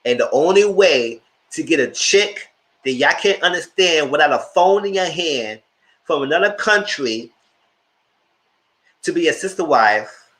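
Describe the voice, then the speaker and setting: A man's voice: a little high, measured pace. Opinionated man doing casual TV commentary. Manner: animated, opinionated, talks straight to viewers. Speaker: host reviewing reality TV.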